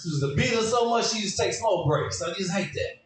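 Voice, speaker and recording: Stand-up comedian with a high, shouty, animated delivery, echoey club sound from off mic. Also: male voice, a little fast, distant mic. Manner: animated, shouting, leaps between high put-on voices. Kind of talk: stand-up set.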